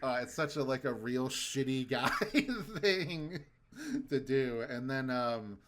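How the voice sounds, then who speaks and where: A man's voice: mid-range voice, lively intonation, slow pace, noisy background. Laid-back young man, casual podcast chat. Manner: laid-back, quotes cartoon lines in funny voices. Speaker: podcast co-host.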